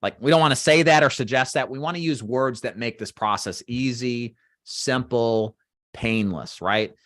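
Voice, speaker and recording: A man teaching final expense phone sales, walking trainees through a phone script and acting out sample call lines in a brisk sales voice, with frequent "right?" check-ins. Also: mid-range voice, fairly bright tone, no room sound, studio quality. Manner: talks straight to trainees, checks in with "right?" and "does that make sense?". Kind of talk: instructional walkthrough of a phone script.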